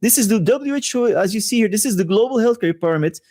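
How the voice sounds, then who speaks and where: A man's voice: high voice, expressive, fast, darkish tone. A man hosting a monologue-style commentary show, talking in a conspiratorial way with rhetorical asides. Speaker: host.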